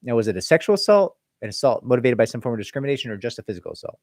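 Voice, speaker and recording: Guy lawyer doing a live q&a, really animated voice, chatty and loose, dry close sound. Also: mid-range voice, rapid-fire, no echo. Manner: conversational, loose, with frequent "like" and "right?"; reads viewer comments aloud, then answers them. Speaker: employment attorney hosting a live Q&A. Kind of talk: casual livestream question-and-answer.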